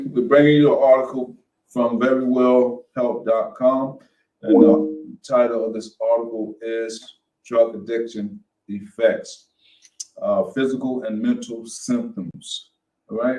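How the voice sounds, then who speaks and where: A man's voice: medium pitch, recorded from a distance. A man who works as a recovery coach, hosting a casual online support-group session and reading an article aloud. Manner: muttering to himself while fixing tech, then greeting warmly and reading aloud. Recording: echoey room, voice off-mic.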